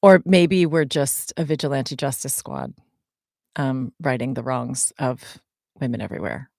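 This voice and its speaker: A woman's voice: extremely low pitch, unhurried, gravelly, darkish tone, dry recording, studio quality. A woman in her forties, co-hosting a podcast and answering fan questions in a chatty way, with many ums and small laughs. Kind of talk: casual podcast chat.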